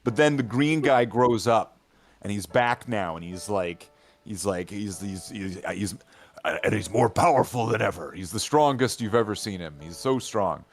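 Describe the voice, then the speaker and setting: A man's voice: fairly low pitch, moderate pace. A man in casual chat among friends, telling a long rambling story full of fillers and repeated "right?" checks. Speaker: hobby gaming channel regular.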